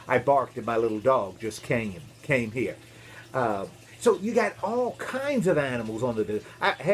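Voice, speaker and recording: Animated minister telling a kids' story. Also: male voice, on the high side. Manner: animated, playful, asks kids questions, makes animal noises. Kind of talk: storytelling for children.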